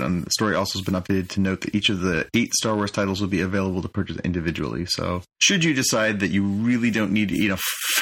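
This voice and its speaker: A man co-hosting a podcast, talking in a measured way and reading bits of an article aloud. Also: low-pitched, a bit bright. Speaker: podcast co-host. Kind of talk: casual chat.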